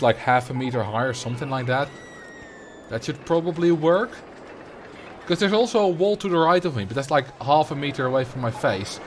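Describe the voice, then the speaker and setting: A man's voice: mid-range voice, slight background noise. A man with a Dutch accent, chatting casually on a livestream while he builds in a game and answers viewers. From Netherlands. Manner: chatty, answers chat questions while playing. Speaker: streamer.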